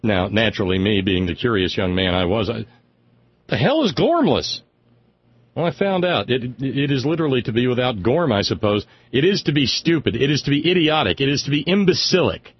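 A man's voice: mid-range voice, fast, few pauses, slightly rough, no echo, muffled recording. A man hosting a radio talk show, delivering sardonic, rambling political commentary and stumbling over repeated words as he gets worked up.

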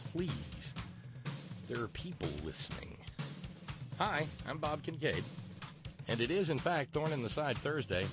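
A man with a Southern US accent from West Virginia, hosting a radio talk show in a folksy, rambling way with many fillers and restarts. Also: mid-range voice.

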